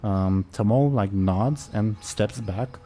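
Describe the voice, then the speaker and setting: A man's voice: on the low side, slow pace, warm tone. A man running a tabletop game as game master, hesitant and full of fillers.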